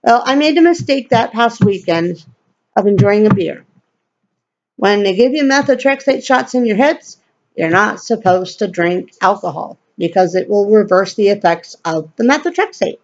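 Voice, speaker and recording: Woman vlogger, mid-pitched, blunt and profane storyteller, rambling; muffled lo-fi home recording. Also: animated, moderate pace. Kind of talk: personal storytelling rant.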